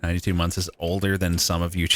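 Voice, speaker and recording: A man's voice: deep voice, completely flat delivery, fast, a bit bright, soft background music. A man streaming a game live, thinking aloud with casual swearing and frequent laughs. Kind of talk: live gameplay commentary.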